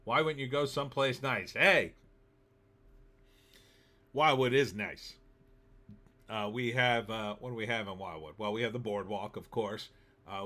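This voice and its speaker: A middle-aged man from New Jersey hosts a casual live stream, reading chat messages aloud and answering them in a sarcastic, off-the-cuff way. His voice is bright and forceful, and he sits at an ordinary middle pitch for a man. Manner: chatty, sarcastic, reads chat comments aloud. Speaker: livestream host reading viewer chat.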